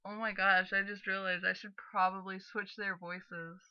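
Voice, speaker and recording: A woman's voice: mid-range voice, level tone, normal speed, bright, forceful tone, highs cut off, a little hiss or hum. A young woman chatting casually as she plays through a game, rambling and giggly. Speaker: let's play host. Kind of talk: casual gaming commentary.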